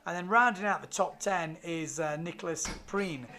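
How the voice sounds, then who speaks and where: A man commentating live on a windsurf race, reading out results in a relaxed, chatty way with fillers. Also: fairly high pitch, normal speed.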